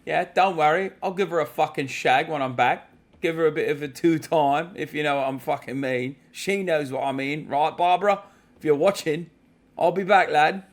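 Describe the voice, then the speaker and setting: A brash young British lad, loud, high and cursing nonstop, as a man puts him on in a mock British accent. The voice sits well above his usual register and pushes hard. It is recorded in a hotel room. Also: normal speed, lightly acted. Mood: cocky. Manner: shouty, swearing constantly.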